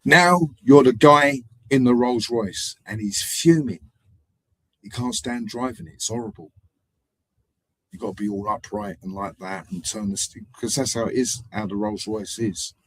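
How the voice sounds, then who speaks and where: Rambling man with a husky low voice. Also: moderate pace, no room sound, poor audio. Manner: meandering storytelling with acted-out voices and sudden loudness swings. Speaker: live stream host. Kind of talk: rambling live-stream monologue.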